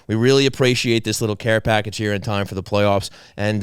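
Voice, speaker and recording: A man, co-hosting a hockey podcast, moving between casual talk and animated sponsor reads. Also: a little fast, clear, resonant tone, no echo, studio quality. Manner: animated, loud pitch during sponsor reads. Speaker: podcast co-host. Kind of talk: casual hockey talk and live-read ads.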